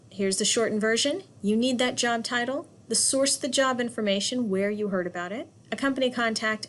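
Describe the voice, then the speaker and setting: A woman teaching a class, talking directly and emphatically, with asides. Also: a little high. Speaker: instructor. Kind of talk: classroom lecture.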